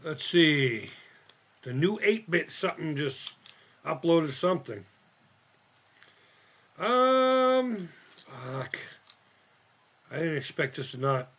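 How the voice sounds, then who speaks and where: A man's voice: fairly high pitch, animated, takes it slowly, long pauses, fairly bright tone. A man live-streaming as he builds a model kit, rambling and thinking aloud, swearing often and laughing at himself. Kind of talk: casual live-stream chat while crafting.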